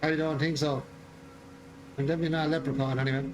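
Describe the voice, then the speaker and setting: A man's voice: a little high, level tone, quick pace, slight background noise. Joking Irish man streaming a game. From Ireland. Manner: joking, chuckling, repeats himself. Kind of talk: casual gameplay chat. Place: home gaming room.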